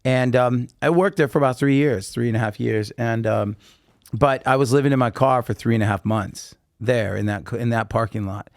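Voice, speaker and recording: A man's voice: mid-range voice, moderate pace, no echo. A man sits in as a podcast guest, spinning loose, rambling stories full of ums and restarts. His voice sits in an ordinary middle register and sounds close and dry, with no room around it. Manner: rambling, animated anecdotes with many fillers. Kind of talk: casual storytelling interview.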